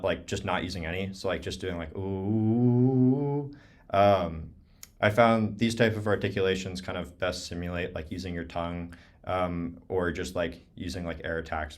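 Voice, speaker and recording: A young man giving a relaxed online clarinet lesson, talking casually with lots of "um" and "like". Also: low voice. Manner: relaxed, many fillers like "um" and "like". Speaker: clarinet teacher. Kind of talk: casual online clinic talk. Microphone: video call.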